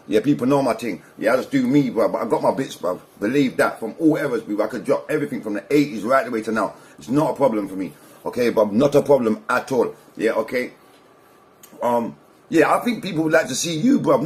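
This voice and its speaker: A man ranting bluntly to camera, slang-heavy and repetitive. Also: mid-range voice. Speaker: vlogger commentator. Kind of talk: casual rant to camera.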